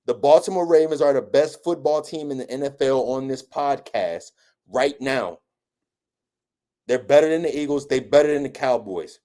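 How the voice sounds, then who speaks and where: A young man with a mid-pitched voice debates sports on a podcast, hammering his points with emphatic, repeated boasts. He talks casually, with a steady confidence. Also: normal speed. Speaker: podcast host.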